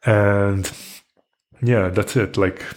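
A man's voice: lowish voice, steady tone, drawn-out words. A young man from Quebec, hosting a podcast and delivering an angry, profanity-laced solo rant full of restarts and repetition. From Quebec, Canada. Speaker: podcast host.

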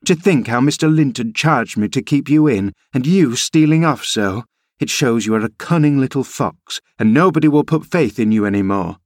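A man's voice: mid-range voice, expressive, normal speed, few pauses, no room sound, clean studio sound, pitched above the performer's own voice, lightly acted. A man reading an audiobook, voicing a stern female housekeeper who scolds in a raised tone. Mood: scolding.

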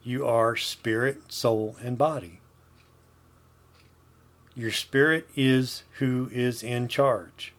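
A man's voice: medium pitch, fairly even intonation, slow pace, long pauses. A man hosting a faith podcast, preaching in an earnest, emphatic way and checking in with rhetorical questions. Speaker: podcast host, Christian teacher.

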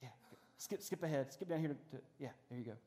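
A man's voice: mid-range voice, fast, warm tone. A middle-aged man preaching a sermon in a large church. He talks conversationally, with self-deprecating humor and frequent restarts, while running a demonstration on stage. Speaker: pastor. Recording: long hall reverb.

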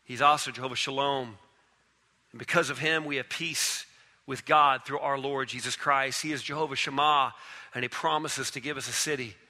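A man preaching a sermon, swinging from loud, urgent declarations to hushed, low passages. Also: steady tone, moderate pace, big-room sound.

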